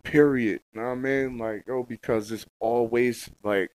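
A young man hosting his own casual solo podcast, rambling in heavy slang and profanity with lots of fillers, and getting loud and high when a story heats up. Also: fairly even intonation, a little slow, poor audio. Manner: gets loud and high-pitched when telling a heated story. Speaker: podcast host.

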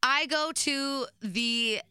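Woman, 20s, chatty storytime voice, crisp and dry. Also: high-pitched, very slow, no echo. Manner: chatty, animated, laughs between beats. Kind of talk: casual storytime.

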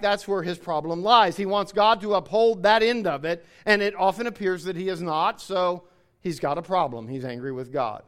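A man preaching a sermon, explaining scripture and reading passages aloud with emphasis. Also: high-pitched. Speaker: pastor.

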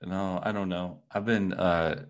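A man's voice: low-pitched, unhurried, slight background noise. A man co-hosting a podcast, telling stories in casual, profane chat and jumping into exaggerated voices for the people he quotes. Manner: animated storyteller, swings into exaggerated quoted voices. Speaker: podcast co-host.

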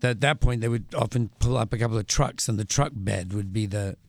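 An older English man, a musician and author, telling wry anecdotes as a guest in an interview, pausing and restarting as he goes. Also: lowish voice, dry recording. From England. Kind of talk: conversational storytelling interview.

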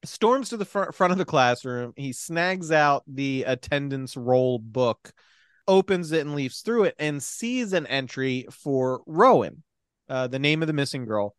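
A man's voice: medium pitch, expressive, unhurried, clean tone, no room sound, clean studio sound. A young man in casual chat, animatedly retelling a film's plot, acting out the characters' lines, swearing and laughing. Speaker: podcast co-host recapping a film.

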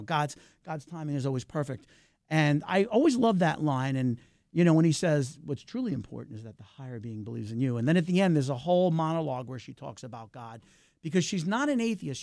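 A middle-aged man talking as a filmmaker guest in a casual interview, animated and talkative, swinging his pitch up and down. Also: fairly quick, creaky, no room sound, clean studio sound.

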